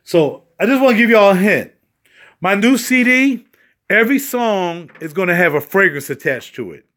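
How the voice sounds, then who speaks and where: Man, high voice, loose and jokey, vlogging a tour of his home studio gear. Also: lively intonation, normal speed, fairly bright tone. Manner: loose, joking, rambling, addresses viewers as y'all. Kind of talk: casual vlog tour.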